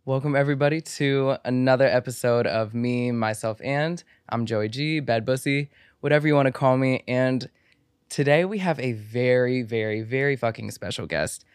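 A man from the Washington, D.C. area hosts a podcast with playful, excitable camp energy. His voice is in the middle range. The recording is close and dry. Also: mid-range voice, normal speed, clear, resonant tone, no room sound. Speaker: podcast host. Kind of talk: casual interview chat.

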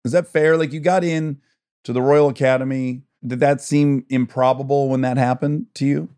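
A man in his forties from Detroit hosts a casual podcast interview. His voice sits at an ordinary middle pitch, and he asks his questions in a chatty, curious way. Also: fairly even intonation, normal speed, mellow, clear, resonant tone. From Detroit, Michigan. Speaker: podcast host.

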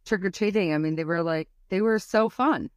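A woman's voice: fairly low pitch, a little fast, smooth, no echo, studio quality. A woman guest on a podcast, telling a story in a rambling, casual way full of fillers.

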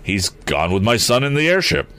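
A man's voice: medium pitch, big pitch swings, normal speed, bright, forceful tone, pitched above the performer's own voice. A man voicing an aged inventor and father in a read-aloud story, flustered and indignant, protesting with stammering outrage. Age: older. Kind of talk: audiobook character voice.

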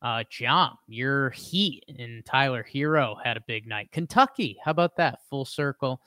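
An easygoing man delivers a casual sports rundown on a podcast, tossing in quick quips between headlines. His pitch is middling and ordinary. The recording is close and dry. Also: pushed and bright, clean tone, no room sound. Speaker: podcast co-host reading sports news.

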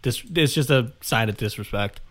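A young man co-hosting a podcast, chatting casually and retelling scenes with animated laughs. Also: medium pitch, moderate pace. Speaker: podcast co-host. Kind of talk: casual chat.

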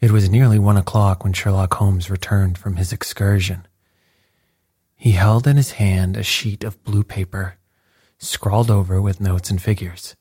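Husky low-voiced man reading a story, very slow, dry close sound. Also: steady tone, dark tone, no echo. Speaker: audiobook narrator. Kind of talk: scripted narration.

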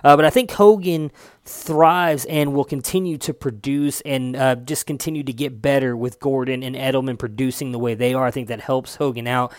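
A man's voice: mid-range voice, fairly even intonation, moderate pace, no echo, clean studio sound. A man giving a loose, chatty solo recap of fantasy football results, swearing now and then and correcting himself as he goes.

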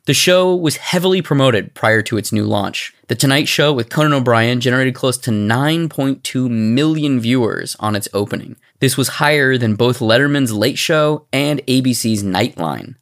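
A man's voice: medium pitch, fairly bright tone. Chatty male podcast host. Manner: chatty, filler-heavy, laughs easily. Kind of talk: casual commentary and reading from notes.

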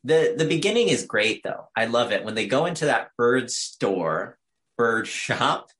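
A man's voice: mid-range voice, big pitch swings, a little slow, a bit bright. A man co-hosting a casual film discussion, joking and laughing often as he talks. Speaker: podcast co-host.

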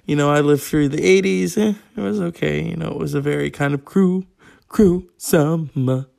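A man's voice: fairly high pitch, normal speed, darkish tone. A man hosting a podcast solo, rambling and swearing a lot, with plenty of fillers. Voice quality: gravelly. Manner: profane, rambling, with frequent fillers. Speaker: podcast host. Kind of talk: casual solo podcast monologue.

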